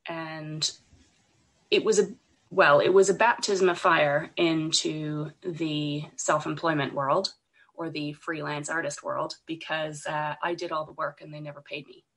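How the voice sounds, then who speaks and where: A woman speaking as a podcast guest, her voice croaky from a cold and rough with fry. She sits a little low in pitch and sounds husky. She talks in a hesitant way, full of ums and restarts. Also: level tone, measured pace. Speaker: podcast guest, illustrator and designer. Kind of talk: casual interview talk.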